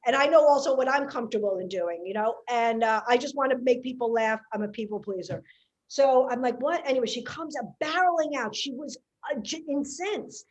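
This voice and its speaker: A woman comedian, telling a story in casual podcast chat, animated and chatty. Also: on the high side, fairly quick.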